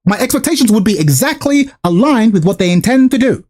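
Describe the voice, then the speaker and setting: A man's voice: sits high, animated, a little fast, darkish tone. A man streaming, ranting to his chat with exasperated, repetitive, swearing commentary.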